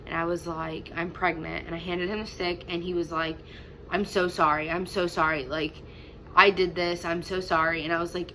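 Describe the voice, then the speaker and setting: Young woman vlogging, bright forceful voice, lowish pitch, faint noise behind. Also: poor audio. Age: young adult. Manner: chatty, full of fillers. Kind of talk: personal storytelling.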